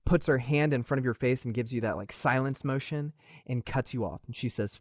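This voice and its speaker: A man's voice: mid-range voice, brisk, no room sound, clean studio sound. Casual man running a tabletop game. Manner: casual, animated narration. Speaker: game master.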